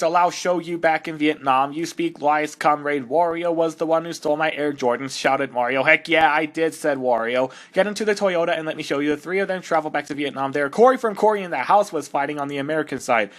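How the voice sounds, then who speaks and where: A man's voice: a little high, brisk, fairly bright tone, lightly acted. A man voicing a cocky young male hedgehog hero, reading fan fiction aloud with sarcastic, exasperated mockery. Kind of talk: comedic fan-dub reading.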